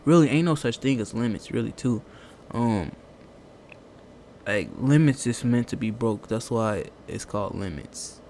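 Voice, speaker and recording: A man's voice: mid-range voice, lively intonation, measured pace, darkish tone, a little hiss or hum. A man hosting a reaction video, talking loosely in casual slang with lots of restarts. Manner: loose, slangy, rambling talk with many restarts.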